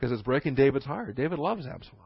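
A man's voice: medium pitch, very animated, quick pace, creaky, slightly rough, no room sound, muffled recording. Seorang pendeta pria menyampaikan khotbah pendalaman Alkitab dengan gaya santai dan bercakap, sering menyelipkan candaan dan tawa kecil. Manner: conversational, joking asides with chuckles. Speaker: pastor. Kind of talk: sermon.

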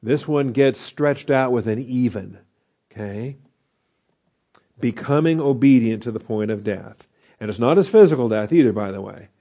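A man's voice: mid-range voice, normal speed, mellow. A man teaching a verse-by-verse Bible study in a conversational way, with fillers and rhetorical questions.

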